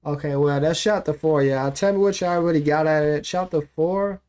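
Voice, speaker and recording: A man's voice: a little high, a little fast, darkish tone, smooth. A man hosting his channel, reacting to an audiobook in casual, slangy commentary aimed straight at his viewers.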